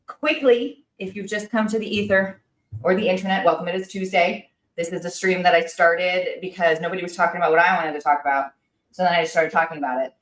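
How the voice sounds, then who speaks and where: A woman hosting a livestream, talking fast and excitedly with lots of fillers and restarts. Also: lowish voice, echoey room, rough recording. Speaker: livestream host. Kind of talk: casual chat.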